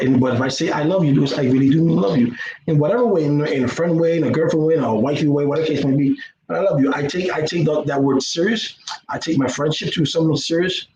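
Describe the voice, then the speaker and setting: A middle-aged man talks straight to his viewers in a rambling, earnest vlog, stumbling and repeating words as he preaches. His voice sits a little high for a man. The sound is roomy and dull, with a faint hiss underneath. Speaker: YouTuber. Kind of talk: casual monologue vlog.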